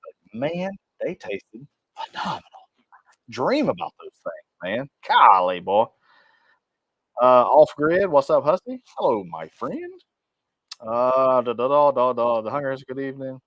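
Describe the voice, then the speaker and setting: A man's voice: medium pitch, sing-song, measured pace, long pauses, a bit bright, no room sound, muffled recording. A man hosting a cooking channel livestream, reading viewer comments aloud and answering them in a rambling, friendly way with frequent restarts. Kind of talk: casual livestream chat.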